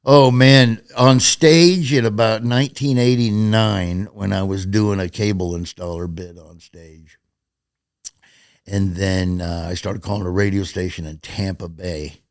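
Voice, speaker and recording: Middle-aged male comedian, gravelly voice, dry close mic, lively storyteller who acts out the voices. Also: lowish voice, measured pace, dry recording. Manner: animated, acts out quoted voices and laughs at his own stories. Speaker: podcast guest, comedian. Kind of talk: casual storytelling chat.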